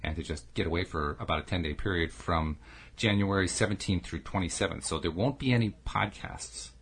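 A man's voice: sits low, fairly quick, fairly bright tone, slightly rough. A middle-aged man co-hosting a podcast, chatty and telling stories with frequent laughs. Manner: chatty, storytelling, laughs often. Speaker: podcast co-host. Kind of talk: casual podcast chat.

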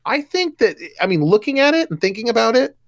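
A man's voice: extremely high pitch, sing-song, fairly quick, creaky. A man chatting casually as a podcast co-host, enthusiastic and full of restarts and swearing. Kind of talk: casual movie chat.

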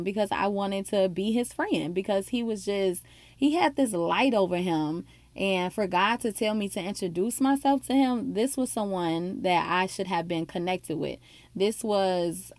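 A woman's voice: mid-range voice, dry recording. Earnest woman sharing a faith story. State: emotional, near tears. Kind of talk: personal faith testimony.

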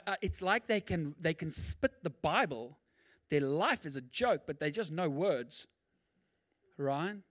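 A man pastor preaching a sermon in a conversational way, swinging between loud and hushed. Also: high voice.

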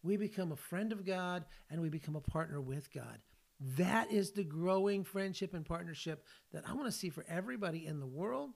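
An older man from California with a notably high voice hosts a faith podcast. He talks in an earnest, folksy, storytelling way. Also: lively intonation, brisk, vocal fry. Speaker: podcast host and ministry leader. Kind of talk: faith podcast monologue with personal stories.

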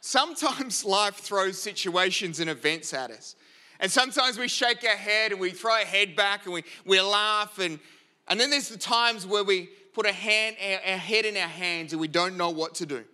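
A man's voice: sits high, moderate pace, sharp tone. A middle-aged man preaching a sermon, praying earnestly and then telling a joke to make his point. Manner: earnest, storytelling, self-deprecating. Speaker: pastor. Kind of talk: sermon with prayer and storytelling.

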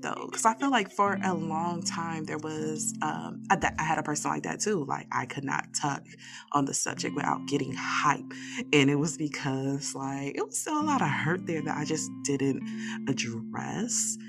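Low, gravelly woman chatting candidly. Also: a little slow. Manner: candid, animated storyteller. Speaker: podcast co-host. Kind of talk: casual chat. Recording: guitar music playing behind.

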